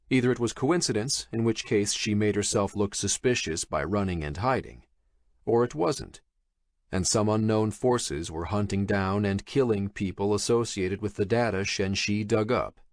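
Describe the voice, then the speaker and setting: A male narrator reading a thriller audiobook in a measured, expressive storytelling manner. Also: on the low side, no echo, studio quality. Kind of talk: scripted horror thriller narration.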